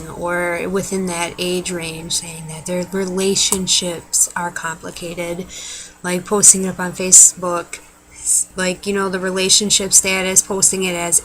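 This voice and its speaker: A woman's voice: fairly low pitch, flat delivery, a little slow, fairly bright tone, poor audio. A young adult woman ranting casually to camera, blunt and exasperated, swearing freely. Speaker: vlogger. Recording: faint background noise.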